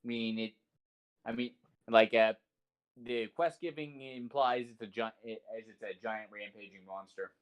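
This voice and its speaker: A man's voice: mid-range voice, moderate pace, smooth. A man playing a tabletop role-playing game who stammers and restarts often as he explains his choice. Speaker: player. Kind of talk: casual tabletop game chat.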